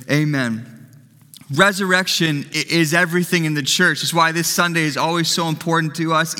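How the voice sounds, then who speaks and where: Male pastor, bright higher voice, even and level delivery, earnest, reverberant church hall. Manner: earnest, conversational, frequent restarts. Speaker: lead pastor. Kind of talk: sermon and prayer on a live stream.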